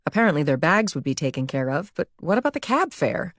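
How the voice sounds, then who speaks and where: A woman narrating an audiobook with even, measured storytelling. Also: low voice, dry recording, studio quality. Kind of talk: scripted narration.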